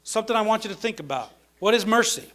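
A man's voice: high-pitched, lively intonation, fast talker, pushed and bright. A man preaching a sermon in a conversational way, with many fillers and restarts.

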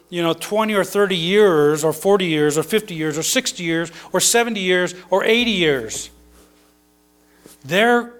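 A man with a notably high voice gives a relaxed, conversational sermon. He reads a passage, then unpacks it in plain everyday words, with fillers and little asides as he goes. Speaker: preacher. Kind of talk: informal sermon.

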